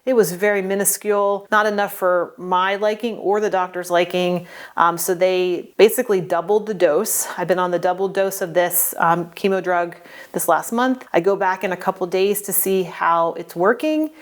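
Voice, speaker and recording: A woman in her forties talking earnestly in a personal vlog, halting and restarting often, emotional and close to tears at times. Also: fairly low pitch, fairly even intonation. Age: 40s. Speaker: vlogger sharing a health update. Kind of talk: personal vlog talk to camera.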